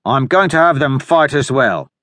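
A man reading as a grim young commander giving firm orders in an audiobook. His voice has a mid pitch and a dry, close studio sound. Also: lively intonation, normal speed, fairly bright tone, no room sound, close to an everyday voice.

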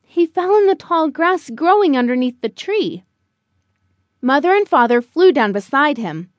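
A woman narrating a children's storybook in a slow, expressive, animated way. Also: high voice, no echo, dull audio. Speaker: audiobook narrator.

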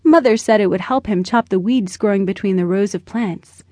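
A woman narrating a children's storybook in a gentle, measured way, close to the mic. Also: medium pitch, dry recording. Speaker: audiobook narrator.

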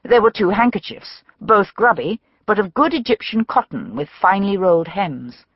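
Expressive woman narrating a mystery. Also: medium pitch, normal speed, breathy edge, no room sound, highs cut off. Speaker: audiobook narrator. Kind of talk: scripted narration of a mystery novel.

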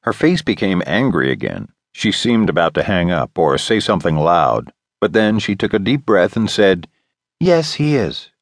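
Male audiobook narrator, low voice, lively pitch, wry, dry close studio sound. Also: moderate pace, few pauses, no echo. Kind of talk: scripted first-person narration.

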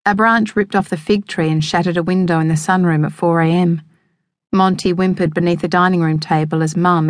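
A woman narrating a novel in the first person, measured and evocative. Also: lowish voice, no room sound. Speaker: audiobook narrator. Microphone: close studio microphone. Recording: dry close studio sound.

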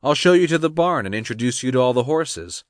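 A man's voice: medium pitch, animated, brisk, no room sound, pitched above the performer's own voice, natural voice. Man as a polite reserved young rancher, understated, close dry voice. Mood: calm.

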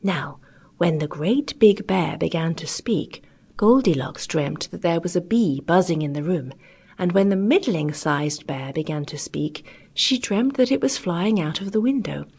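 Woman, children's audiobook narrator, gentle, expressive, husky, lively pitch. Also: unhurried. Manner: gentle, expressive reading with character voices.

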